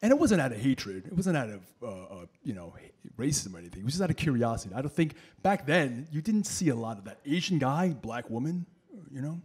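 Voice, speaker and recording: A man's voice: mid-range voice, brisk, few pauses, breathy edge. A man in his thirties doing a stand-up comedy set, telling stories and acting out voices. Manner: animated storytelling, acting out voices. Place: comedy stage with laughing audience.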